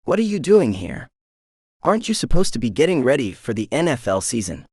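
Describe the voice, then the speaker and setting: A man's voice: medium pitch, big pitch swings, a little fast, darkish tone, husky, dry recording, clean studio sound. A man voicing an easygoing young male football player with a small-town Tennessee accent. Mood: friendly. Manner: easygoing, friendly.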